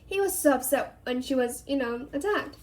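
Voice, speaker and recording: A woman's voice: high voice, animated, moderate pace, a little mellow. A woman voicing a shy young girl, giggly and a little anxious.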